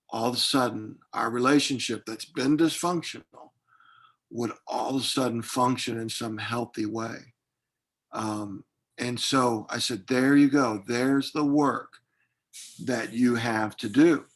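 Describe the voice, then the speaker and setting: Heard over a video call, a man acting as a grief counselor in an online workshop sounds reflective and hesitant, often using fillers and restarting. His voice is medium-pitched and slightly rough.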